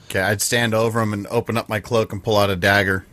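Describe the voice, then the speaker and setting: A man's voice: lowish voice, flat delivery, fast, fairly bright tone. A man taking part as a player in a tabletop game, describing his character's actions plainly. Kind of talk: casual tabletop play.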